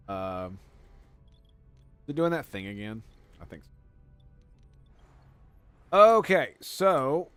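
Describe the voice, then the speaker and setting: A man giving let's play commentary as a gaming streamer, excitable and profane, gushing over every detail. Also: medium pitch.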